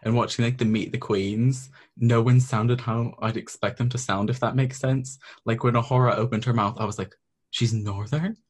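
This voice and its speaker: A man's voice: medium pitch, steady tone, normal speed, few pauses. A young man from Scotland whose accent mixes Scottish, American and English, chatting casually as a guest and saying "like" a lot. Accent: mixed Scottish, American and English. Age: young adult. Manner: chatty, says "like" often. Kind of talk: casual chat.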